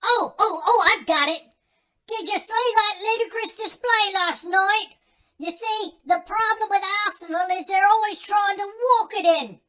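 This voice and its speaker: A man's voice: very high-pitched, sing-song, moderate pace, pushed and bright, full character voice. A man voicing a stoned male party guest who slurs and tries silly accents. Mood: goofy.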